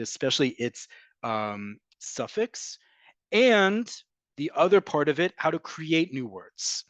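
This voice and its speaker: A fairly high-voiced man teaches a live online language class. He is emphatic and repeats and drills pronunciations. The sound is close and dry, with no room echo. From from an American family. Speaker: Hebrew teacher.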